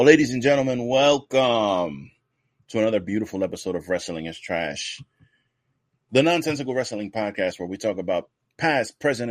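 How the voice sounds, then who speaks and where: Deep-voiced profane New podcast host. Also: male voice, no echo. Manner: loose, profane, rambling banter. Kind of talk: casual podcast chat.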